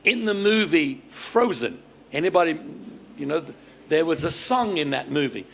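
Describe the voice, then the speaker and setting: Preaching to his congregation at a church service, an Australian pastor speaks at normal speed in a slightly high, fairly bright voice with vocal fry, lively throughout. He stammers and restarts, jokes and quizzes listeners, over faint background noise.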